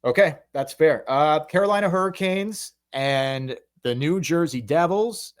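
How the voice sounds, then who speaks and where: A man co-hosting a hockey podcast, making playoff predictions in casual, animated chat. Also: on the high side, a little slow. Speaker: podcast co-host.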